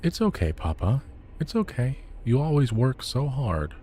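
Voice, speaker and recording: A man voicing a scared, clingy young boy with a Slavic accent, pleading in a high voice. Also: big pitch swings, unhurried, warm tone. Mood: reassuring.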